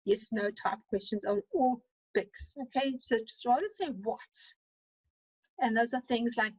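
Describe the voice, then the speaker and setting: South African female lecturer, higher voice, rapid animated online teaching. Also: slightly rough, no room sound, rough recording. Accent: South African English. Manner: fast-talking, animated, with many fillers. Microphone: computer mic on a video call.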